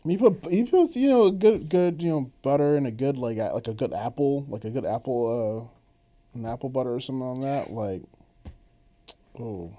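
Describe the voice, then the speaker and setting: A man's voice: medium pitch, moderate pace, warm tone. A man co-hosting a podcast in casual chat, rambling with frequent laughs and restarts. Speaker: podcast co-host.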